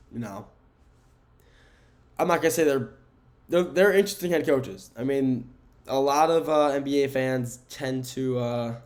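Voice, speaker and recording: Casual rambling man on a sports podcast. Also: mid-range voice. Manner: casual, rambling, with self-corrections and fillers. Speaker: podcast host. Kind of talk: solo sports podcast talk. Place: indoor room with window blinds.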